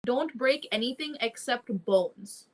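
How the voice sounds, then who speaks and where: Woman, tabletop player, a bit high, bossy teasing threats. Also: unhurried. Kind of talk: playing a tabletop game in character.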